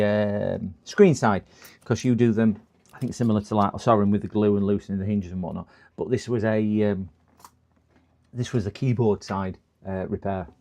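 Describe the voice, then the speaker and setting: A man's voice: fairly low pitch, creaky, mellow. A man chatting casually with viewers on a live stream while repairing a computer, rambling and thinking aloud as he works.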